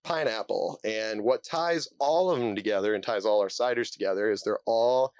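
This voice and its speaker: A lower-voiced man talks easily as a podcast guest, chatty and quick to laugh at himself. His voice sits close and dry, with no room around it. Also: darkish tone, smooth, no room sound. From Arkansas. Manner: chatty, laughs often, self-deprecating. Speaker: cidery co-founder, guest. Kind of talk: casual podcast chat.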